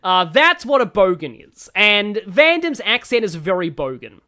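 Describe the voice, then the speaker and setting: A woman's voice: mid-range voice, big pitch swings, normal speed, bright, forceful tone. A woman with an Australian accent chatting casually while streaming a game, rambling with lots of fillers. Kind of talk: casual live-stream commentary.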